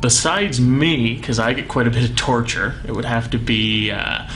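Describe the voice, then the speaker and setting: A man's voice: mid-range voice, normal speed, over music. A man who drives harness races, answering interview questions casually and modestly. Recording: background noise.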